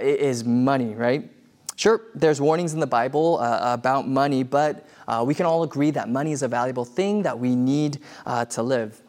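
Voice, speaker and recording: A man's voice: fairly high pitch, a little mellow. A man preaching a sermon in a conversational way, with many fillers and restarts. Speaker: pastor.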